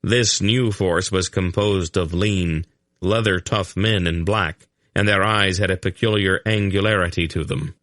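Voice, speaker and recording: A man narrating an audiobook in a steady, measured way. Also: deep voice, dry recording, studio quality. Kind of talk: scripted narration.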